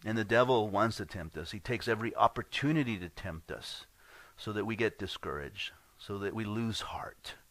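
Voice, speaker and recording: A man's voice: on the low side, normal speed, fairly bright tone, dry recording. A man preaching a sermon as pastor, earnest and conversational, often restarting his words.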